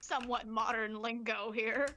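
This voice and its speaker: Brief: bright, high-pitched woman, crude and loud-mouthed stream co-host. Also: little pitch movement, normal speed, a little hiss or hum. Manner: brash, swearing and laughing often. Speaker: guest co-host. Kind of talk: casual livestream chat.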